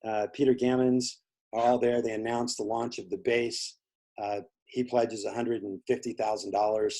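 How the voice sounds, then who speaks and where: A man's voice: fairly low pitch, warm tone. A man being interviewed, telling a long story in casual conversation, rambling with many fillers and acting out the people he quotes. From Indiana. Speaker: interview guest.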